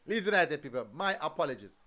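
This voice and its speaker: A man's voice: on the high side, big pitch swings, moderate pace, pushed and bright. A man hosting a casual football review show, often repeating his phrases for emphasis.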